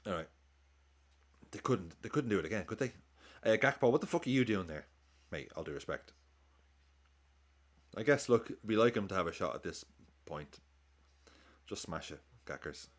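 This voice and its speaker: Lively man calling a match. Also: deep voice, normal speed, long pauses. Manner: excitable, sweary, banters with chat. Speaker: football watchalong host. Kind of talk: live match commentary and chat.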